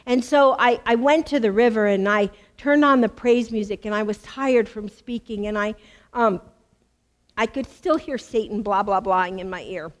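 Animated woman preacher telling a testimony. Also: a little high, normal speed. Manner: animated storytelling, emphatic repeats. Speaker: women's ministry speaker. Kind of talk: sermon with personal testimony.

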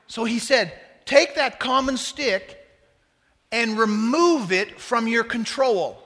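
A man preaching a sermon as pastor, talking to the congregation in a conversational, joking way with lively asides. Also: high voice, in a large hall.

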